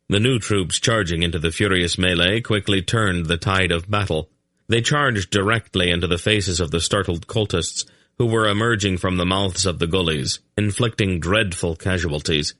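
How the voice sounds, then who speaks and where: A man reads a fantasy audiobook in a steady, measured way. His voice is very low, and the recording is close and dry with no room echo. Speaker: audiobook narrator.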